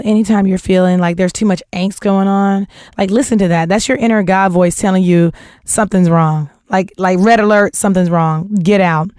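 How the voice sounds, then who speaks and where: A woman hosting a podcast, telling a dating story in a casual, animated way and calling her listeners y'all. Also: mid-range voice, no room sound, clean studio sound. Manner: animated, laughs often, addresses listeners as y'all. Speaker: podcast host.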